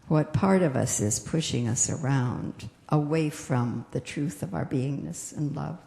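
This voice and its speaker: A woman minister giving a gentle, reflective sermon that slows down on its key phrases. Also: low voice, creaky. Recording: echoey hall with long reverb.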